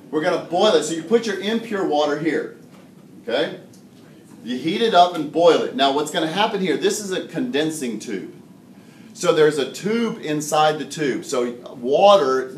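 A man teaching a high school chemistry class, explaining step by step and joking with students. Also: a little hiss or hum. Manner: joking, animated explainer who laughs often. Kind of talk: classroom lecture. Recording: echoey classroom from far off.

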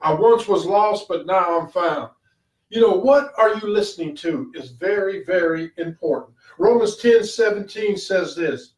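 A man's voice: sits high, lively intonation, a little slow. A male pastor preaching a short sermon, fervent, repeating key phrases with rising emphasis. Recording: echoey room, voice from far off the mic.

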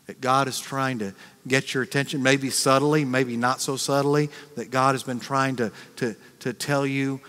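American pastor preaching in a church. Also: male voice, medium pitch, fairly bright tone. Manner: conversational preaching, acts out quick reactions, repeats words. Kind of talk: sermon. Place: church sanctuary. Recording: long reverb of a large church.

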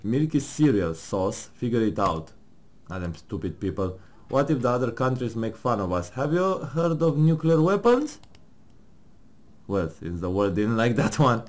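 In casual gaming commentary, a man with a fairly low, animated voice talks at a moderate pace. Playing with his partner, he reads questions and answers in a mock-serious tone while joking, laughing, and swearing.

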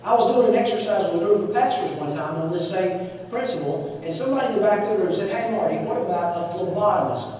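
A man's voice: high-pitched, fast talker, a little mellow, a little hiss or hum. A man preaching a sermon, telling folksy stories and calling for amens from the congregation. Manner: folksy storytelling, calls for amens. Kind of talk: sermon with personal anecdotes. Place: large church sanctuary. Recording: echoey hall, distant mic.

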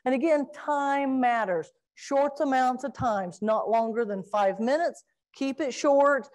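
Lively woman giving a dog training talk. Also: high-pitched, measured pace. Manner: animated, acts out crying puppies and owners.

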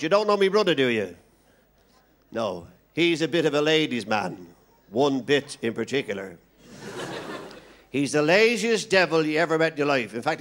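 An Irish man doing a stand-up comedy routine, telling rapid jokes with deadpan punchlines. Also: a little high. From Ireland. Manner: quick-fire joke patter with deadpan punchlines.

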